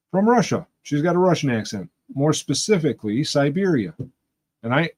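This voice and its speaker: A man from Western New York hosting a livestream, chatting casually and rambling as he talks to his viewers. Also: medium pitch. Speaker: livestream host. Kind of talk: casual chat with live viewers.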